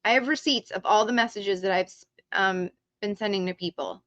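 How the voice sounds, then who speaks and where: A woman hosting a live stream, chatting casually and excitedly to her chat viewers. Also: mid-range voice, moderate pace, no echo, lo-fi sound.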